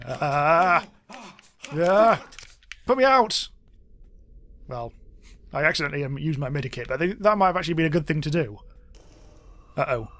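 A man's voice: fairly high pitch, expressive, moderate pace, pauses often, a bit bright. A young man chatting wryly through a let's play, exclaiming at what happens on screen. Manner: chatty, wry, exclaims at game events. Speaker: gaming YouTuber.

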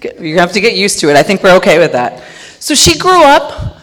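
A middle-aged woman gives a conference talk in a loud, storytelling manner. Her pitch leaps up and down with lively energy. Her voice carries into the long echo of a large hall. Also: fairly quick. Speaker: conference speaker.

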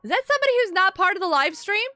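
Speaking straight to viewers on her live gaming stream, this bubbly thirty-something mom giggles often, her high, bright voice bouncing around in a racing, sing-song way. It's a dry recording with soft background music.

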